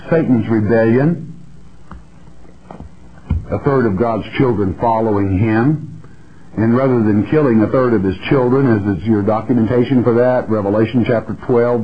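Man, Bible teacher on air, folksy and blunt, emphatic, mid-pitched voice, dull lo-fi broadcast sound.

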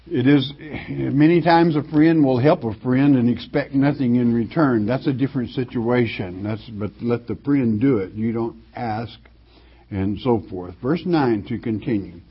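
An older man with a drawl leads a slow, unhurried Bible teaching, stopping and restarting as he drifts into homespun asides. His voice is a little husky. The recording sounds dull and lo-fi. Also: medium pitch.

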